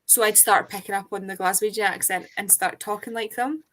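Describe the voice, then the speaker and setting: A woman's voice: mid-range voice, fairly even intonation, fairly quick, fairly bright tone. A woman with a Fife Scottish accent, chatty and telling stories as a guest in a casual chat with friends. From Scotland. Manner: chatty, storytelling.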